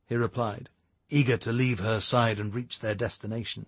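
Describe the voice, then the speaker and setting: A man reading a novel aloud in a measured, even narrating voice. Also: mid-range voice, husky, no echo. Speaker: audiobook narrator. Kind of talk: scripted narration.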